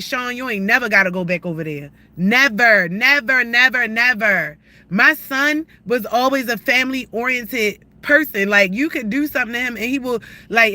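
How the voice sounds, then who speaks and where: A woman vents in a heated, profane live-stream rant, circling back and restarting her sentences. Her voice is sharp and tense, pushing hard through the grievances. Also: sits high. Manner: agitated, profane, rambling with restarts. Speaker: livestreamer.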